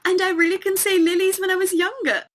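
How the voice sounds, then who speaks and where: A woman's voice: extremely high pitch, flat delivery, fairly bright tone, slight background noise. A woman playing a painfully posh young Englishwoman with a posh English accent, giggly and prim, in an online student drama over a video call. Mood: chatty, giggly. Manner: giggly, prim, slow careful repeating.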